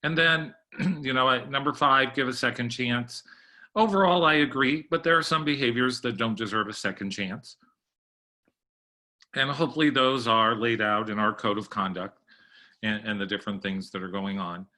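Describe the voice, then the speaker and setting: Brief: middle-aged male presenter, bright voice, relaxed webinar delivery, clears throat often. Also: mid-range voice, moderate pace. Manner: conversational, frequent throat clearing. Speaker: library workshop presenter. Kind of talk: training webinar talk.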